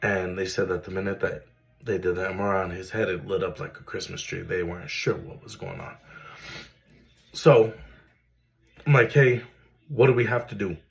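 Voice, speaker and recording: Earnest man, low voice. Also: steady tone, moderate pace, vocal fry, long pauses, poor audio. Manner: emotional, earnest, with many fillers. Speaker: father telling a family story. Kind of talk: personal storytelling to camera.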